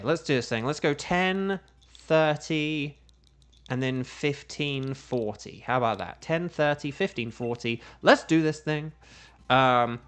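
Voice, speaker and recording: A man's voice: mid-range voice, fairly bright tone. A man who is a voice actor, chatting casually and rambling to his viewers as he hosts a live game stream, humming to himself between thoughts. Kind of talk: casual live-stream chat while playing. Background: faint background music.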